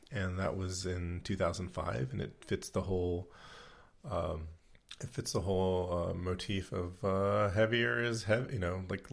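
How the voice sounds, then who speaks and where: Podcast co-host, male, low and gravelly, rambling casual delivery. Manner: rambling, many fillers and restarts. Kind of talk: casual chat.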